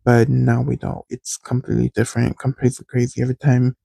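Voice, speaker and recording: Male host, frank rambling storyteller; very dark, husky voice, dry close sound. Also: medium pitch, completely flat delivery, fast talker, no echo, low-quality recording. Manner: candid, rambling, addresses listeners directly. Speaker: podcast host. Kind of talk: casual storytelling.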